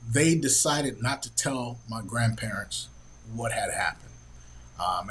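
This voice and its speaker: A middle-aged man hosting a podcast, telling a family story in an earnest, halting way with many pauses and fillers. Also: fairly low pitch, a bit bright, poor audio. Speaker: podcast host. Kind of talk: personal storytelling.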